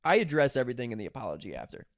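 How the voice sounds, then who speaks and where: A man's voice: medium pitch, big pitch swings, rapid-fire, no echo, studio quality. A young man co-hosting a podcast in casual chat, teasing and bantering. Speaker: podcast co-host.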